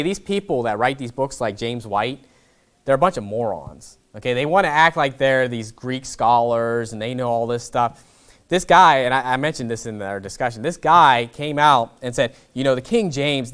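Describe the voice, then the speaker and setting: A man, a pastor teaching a Bible class in a blunt, combative, conversational way, with frequent "okay?" asides. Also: mid-range voice.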